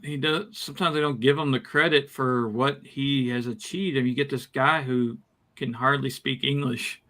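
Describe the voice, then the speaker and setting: A man's voice: mid-range voice, moderate pace. A man co-hosting a casual movie podcast, telling behind-the-scenes stories with lots of restarts. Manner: animated storytelling with many restarts. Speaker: podcast co-host.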